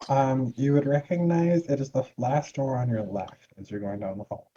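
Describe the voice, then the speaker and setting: A man's voice: medium pitch, fairly even intonation, normal speed, dark tone, lo-fi sound, a little hiss or hum. A man running a tabletop role-playing game as game master, narrating scenes and answering players in a dry, teasing way.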